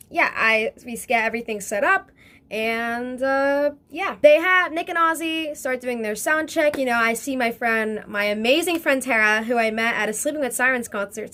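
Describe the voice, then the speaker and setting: A young woman telling a casual storytime vlog in a chatty, excitable way, full of fillers and swearing. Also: fairly high pitch. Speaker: vlogger.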